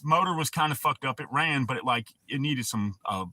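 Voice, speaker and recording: A man's voice: medium pitch, fairly quick, sharp tone, dry recording. A man hosting a livestream, telling profane, rambling stories in casual talk and answering his chat. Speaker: livestream host.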